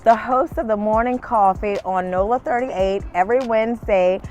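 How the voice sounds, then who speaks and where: A young woman, hosting a casual talk show in a bubbly, excitable way. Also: medium pitch, normal speed, soft background music. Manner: bubbly, excitable, laughs often.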